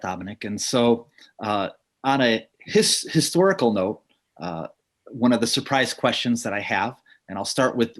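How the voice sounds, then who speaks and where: A man moderating a panel on a video call, asking questions in a halting, hesitant way. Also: medium pitch.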